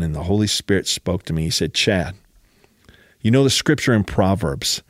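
A man's voice: sits low, expressive, normal speed, no echo, studio quality. A man preaching a sermon as a personal story, emphatic and often urging his listeners to listen.

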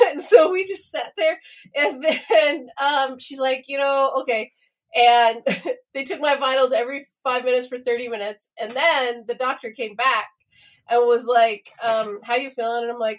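A woman's voice: high voice, normal speed. A woman co-hosting a podcast, telling a story in casual chat, laughing often, swearing freely and acting out the dialogue. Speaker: podcast co-host.

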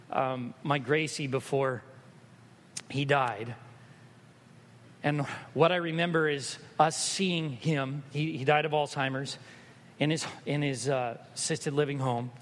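High-voiced man preaching a sermon. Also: big-room sound. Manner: swings from hushed storytelling to loud, emphatic preaching. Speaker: pastor.

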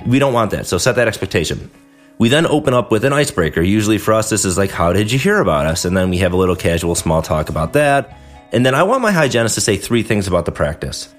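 A man with a fairly low voice talks shop with other dentists in a loose, conversational way. He gets animated and slips into quick impressions of patients and staff to make his points. Faint music plays quietly underneath. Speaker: podcast host, dentist. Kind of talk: casual instructional talk.

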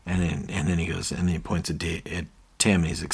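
A man's voice: sits low, fast talker, hardly any pauses, husky. A man co-hosting a podcast, casually recapping a TV episode and animatedly quoting the characters. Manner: animated retelling, quoting characters with rising energy. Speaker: podcast co-host.

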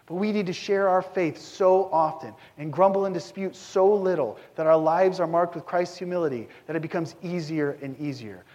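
A man's voice: fairly high pitch, moderate pace, hardly any pauses, darkish tone, highs cut off. A man preaching a sermon as pastor to his church, earnest and direct, acting out the quoted voices of biblical figures as he goes. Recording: long hall reverb.

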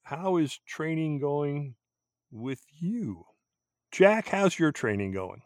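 A man's voice: fairly high pitch, sing-song, slow, no echo, clean studio sound. A man hosting a casual chat, upbeat and teasing as he steers the talk. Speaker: podcast host.

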